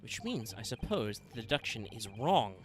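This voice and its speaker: A man's voice: mid-range voice, very animated, normal speed, faint music behind, natural voice. A man voicing a doubtful, easily flustered young male defense lawyer. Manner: hesitant, defensive.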